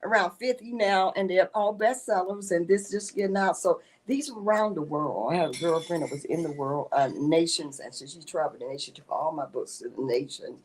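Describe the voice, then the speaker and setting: A woman author, a guest in a casual interview, telling animated stories and often breaking into laughter. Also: on the low side, fairly quick, hardly any pauses, slight background noise. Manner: animated storytelling with frequent laughter.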